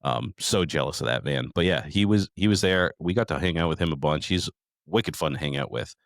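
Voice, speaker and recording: A man's voice: a bass voice, brisk, creaky, no room sound, clean studio sound. A middle-aged man hosting a podcast, rambling through a profane, casual story recap. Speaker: podcast host.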